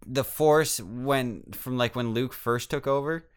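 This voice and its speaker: A man's voice: medium pitch, slow, smooth. A man co-hosting a casual podcast, easygoing and agreeable, chiming in and chuckling along. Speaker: podcast co-host.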